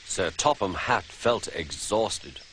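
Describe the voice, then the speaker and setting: A man narrating a children's storybook in a clear, measured way. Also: sits low, expressive, a bit bright, a little hiss or hum. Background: music.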